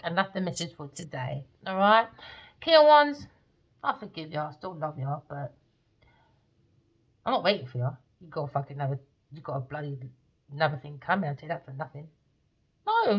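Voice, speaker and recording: A woman who reads tarot, telling dream stories in a blunt, animated way and swearing freely. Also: mid-range voice, muffled recording. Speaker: tarot reader. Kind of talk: casual storytelling monologue.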